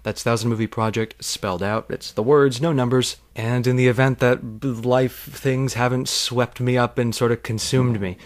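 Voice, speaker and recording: Guy rambling through a story on his podcast, wry side tangents, mid-pitched voice. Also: steady tone, normal speed, few pauses. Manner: rambling, digressive, wry asides. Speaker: podcast host. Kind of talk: storytelling monologue.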